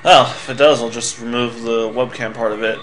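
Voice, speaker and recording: A man's voice: mid-range voice, steady tone, a little fast, fairly bright tone, faint music behind. A young man giving sarcastic, swearing commentary while playing a video game. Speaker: let's player.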